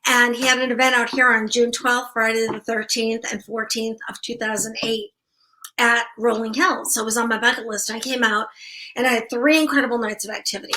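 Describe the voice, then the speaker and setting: A woman's voice: on the high side, flat delivery, a little fast, pushed and bright. A middle-aged woman from New Hampshire, a guest telling her story casually in an interview, acting out the voices she quotes. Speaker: guest, asylum owner.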